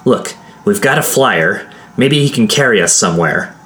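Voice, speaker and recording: A woman's voice: extremely low pitch, lively intonation, moderate pace, a bit bright, voice pushed up. A man voicing a young woman companion who speaks urgently and pleads with the group, in a fantasy audiobook.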